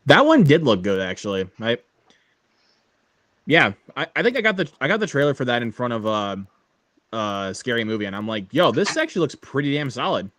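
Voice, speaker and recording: A man's voice: mid-range voice, very animated, normal speed, long pauses, fairly bright tone, no echo. Young guy hosting a chill stream call, laughs a lot, mid voice, dry mic. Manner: laid-back, laughs often, stumbles and restarts. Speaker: stream host. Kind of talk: casual chat. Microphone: online call.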